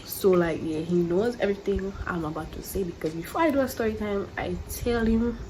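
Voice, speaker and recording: Speaking briskly in a mid-range voice, a young vlogger recounts a story with blunt, foul language and plenty of slang filler words. The chat is casual, recorded at home with a lot of noise.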